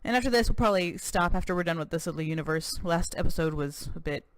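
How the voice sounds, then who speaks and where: A let's-play host giving casual, chatty commentary with quick self-deprecating asides. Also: medium pitch, animated, no room sound.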